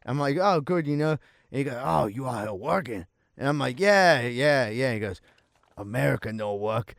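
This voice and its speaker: Brash animated man. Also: medium pitch, normal speed, gravelly, no room sound, studio quality. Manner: brash, swears, laughs often. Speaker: podcast co-host. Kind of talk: casual storytelling chat.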